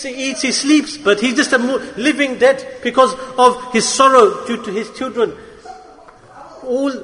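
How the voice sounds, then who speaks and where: A man's voice: extremely high pitch, bright, forceful tone, in a large hall. A man preaching an emotional sermon to his brothers, pleading and impassioned, his voice rising and falling sharply.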